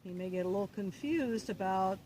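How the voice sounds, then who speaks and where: A woman riding instructor, calm and encouraging as she coaches a rider through an outdoor lesson. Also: mid-range voice, brisk.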